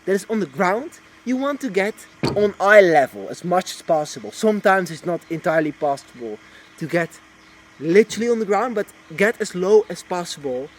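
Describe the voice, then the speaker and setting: A young man, a wildlife filmmaker, chatting casually about his camera gear, restarting and repeating phrases as he goes. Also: high-pitched. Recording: faint background noise.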